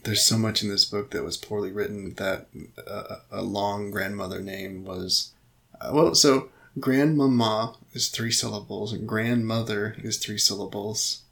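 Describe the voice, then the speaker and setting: A man's voice: lowish voice, steady tone, a little slow, creaky, fairly bright tone. A man co-hosting a casual book-discussion podcast, trading dry jokes and often restarting his sentences. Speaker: podcast co-host.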